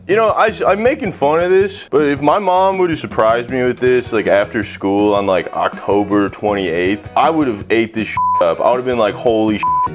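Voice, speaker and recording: A young man hosting a comedic cooking video, joking crudely and swearing as he cooks and tells stories. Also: lowish voice. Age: young adult. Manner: crude, profane, self-mocking jokes. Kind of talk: casual comedic cooking vlog.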